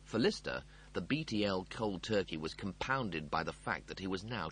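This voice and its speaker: A man reading a comic novel aloud as narrator, in a wry and expressive storytelling manner. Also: low voice, moderate pace, few pauses, breathy edge. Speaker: audiobook narrator. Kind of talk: scripted narration.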